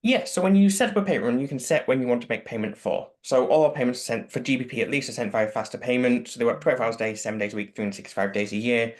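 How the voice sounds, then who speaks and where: A man's voice: mid-range voice, rapid-fire, few pauses. A man answering webinar questions as a product expert, explaining things in a practical, matter-of-fact way over a video call.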